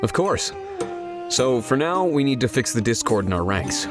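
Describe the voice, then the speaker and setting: A man voicing an anxious young male rebel leader in a video game, speaking softly and hesitantly. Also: mid-range voice, very animated, moderate pace, music in the background, lightly acted. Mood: resolute. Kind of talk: voiced game dialogue.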